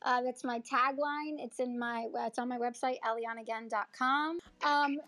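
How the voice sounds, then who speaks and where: A woman's voice: fairly high pitch, steady tone, normal speed, sharp tone. A woman actor being interviewed in a casual chat, earnest and heartfelt, rambling with fillers and restarts. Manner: heartfelt, moved close to tears. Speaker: actor and acting coach, interview guest. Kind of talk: casual interview over an audio chat app. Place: audio chat room.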